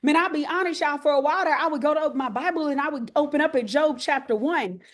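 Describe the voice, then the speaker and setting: High-voiced Texas woman preaching. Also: fast talker. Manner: folksy, country slang, talks to listeners by name. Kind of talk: lively sermon to women's group.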